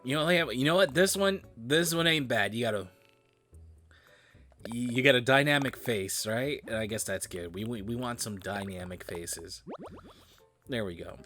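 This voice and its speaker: A man's voice: mid-range voice, normal speed, soft background music. A tired man casually muttering and commenting as he plays a game, swearing now and then. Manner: muttering, swears casually, drifts between loud and quiet. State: tired, yawning. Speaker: gaming streamer.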